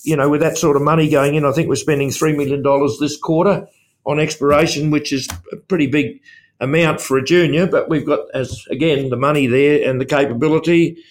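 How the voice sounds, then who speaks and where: A man's voice: on the high side, steady tone, a little fast. Rambling older man. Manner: rambling, restarts often. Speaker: mining company chairman. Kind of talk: interview guest.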